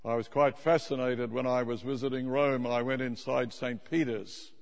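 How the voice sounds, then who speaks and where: A man preaching a sermon, stressing key words slowly and teasing his congregation. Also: medium pitch, fairly even intonation, vocal fry, in a large hall.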